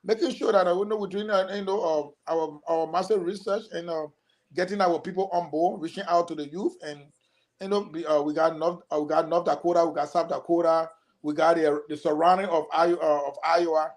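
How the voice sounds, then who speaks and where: Male campaign guest on a talk show, higher voice, runs through a list with fillers. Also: fairly even intonation, a little fast. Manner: listing points, many fillers.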